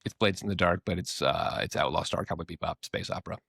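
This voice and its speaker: Here's a Minnesotan podcast co-host whose low, husky, creaky voice comes across a bit bright as he talks fast. He keeps things playful and jokey, cursing casually, in clean studio sound with no room sound.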